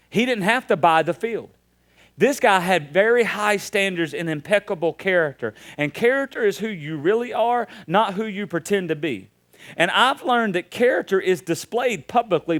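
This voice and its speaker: A man in his thirties preaching a sermon, telling funny stories with animated delivery. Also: high-pitched. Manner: storytelling, joking, animated. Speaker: pastor.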